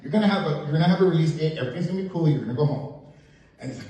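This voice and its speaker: A man's voice: fairly high pitch, very fast, mellow. A man doing a stand-up comedy set, telling a story and acting out the other people's lines in shifting voices. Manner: storytelling, acts out jail conversations with shifting voices. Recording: echoey club heard from a distance.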